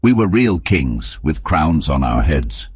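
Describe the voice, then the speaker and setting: A man voicing a ragged, broken male adventurer who croaks out his words urgently in an audiobook. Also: a bass voice, very animated, takes it slowly, dry recording, full character voice.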